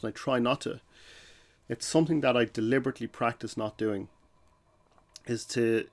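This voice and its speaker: A man talks through his ideas the way a podcast host does, loose and conversational, doubling back on his words as he goes. His voice sits at an ordinary middle pitch. Now and then he slips into short acted-out exchanges to show a point. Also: fairly quick. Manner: conversational, uses fillers and restarts, acts out short phone exchanges. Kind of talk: casual explanatory podcast talk.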